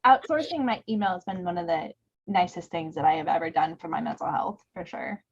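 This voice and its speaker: A woman hosting a casual live stream, chatty and quick to laugh, often trailing off softly. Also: lowish voice, animated, breathy edge. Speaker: host. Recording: dull lo-fi stream audio.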